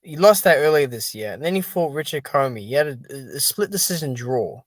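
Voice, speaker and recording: A man hosts a casual solo boxing and MMA commentary channel, addressing viewers in an exasperated, dismissive way and leaning on "dude" and "man." His voice is on the high side, animated and brisk, with no echo.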